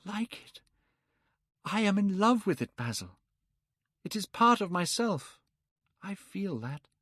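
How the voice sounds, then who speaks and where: A man's voice: high voice, big pitch swings, slow pace, bright, forceful tone, dry recording, studio quality, pitched above the performer's own voice, full character voice. A man voicing a beautiful, vain young man who pleads in anguish. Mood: passionate.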